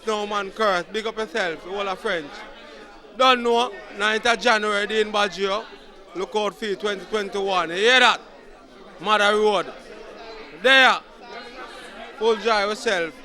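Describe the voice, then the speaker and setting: A man with a Jamaican accent giving blessings and birthday shout-outs outdoors. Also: sits high. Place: outdoors at a party.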